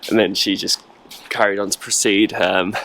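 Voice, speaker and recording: Guy vlogging outside in the cold, lowish voice, rambly, faint street noise behind. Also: flat delivery, normal speed, bright, forceful tone. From England. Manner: rambling, chatty, lots of fillers. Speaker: travel vlogger. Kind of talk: casual vlog chat. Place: outdoors in a cold old town. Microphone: handheld camera.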